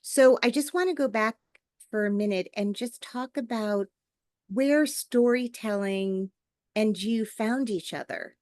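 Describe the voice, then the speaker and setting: A woman's voice: fairly high pitch, unhurried, darkish tone, no echo. Effusive woman podcast host, dry sound. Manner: enthusiastic, effusive, with many fillers. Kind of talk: podcast interview.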